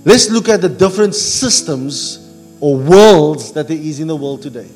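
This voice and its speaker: Pastor preaching in a church hall. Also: male voice, a little high, lively intonation, moderate pace, darkish tone. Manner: call-and-response preaching, asks the congregation to finish verses. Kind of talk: sermon. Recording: church hall reverb with music.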